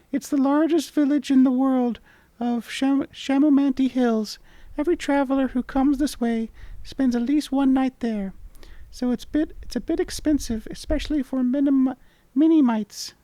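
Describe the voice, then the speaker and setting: A man voicing a tiny, chirpy male mini mite creature in a game playthrough, with an excitable, squeaky voice. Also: no room sound. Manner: squeaky, excitable, fast-talking.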